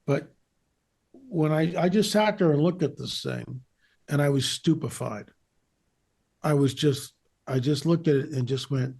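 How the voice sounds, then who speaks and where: A man's voice: on the high side, moderate pace, vocal fry, a little mellow, husky. A man being interviewed as a researcher and author, talking emphatically and repeating phrases for stress. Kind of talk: interview conversation.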